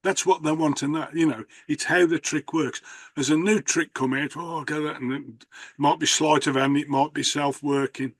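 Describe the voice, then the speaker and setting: A man's voice: on the high side, fairly even intonation, normal speed, no echo. Chatty male host, dry sound. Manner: rambling, anecdotal, with restarts. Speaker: host, magician. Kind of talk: casual conversation.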